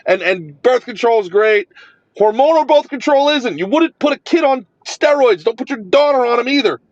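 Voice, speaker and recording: Brief: male commentator, high voice, mocks himself mid-rant. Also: lively intonation, normal speed, dry recording, muffled recording. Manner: fired-up, sarcastic, self-mocking. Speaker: social media commentator. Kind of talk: ranting to camera.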